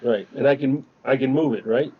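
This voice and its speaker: A middle-aged man playing a tabletop game, halting and repeating words as he works out his turn. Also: medium pitch, husky. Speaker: player. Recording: dull lo-fi call audio.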